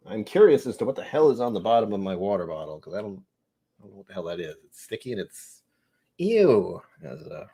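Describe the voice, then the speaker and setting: A man's voice: sits low, mellow, slightly rough. A man hosting a live whiskey tasting stream, chatting casually, rambling and joking at himself as he reads viewer comments. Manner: rambling, self-mocking, reads chat comments aloud. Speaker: whiskey channel host.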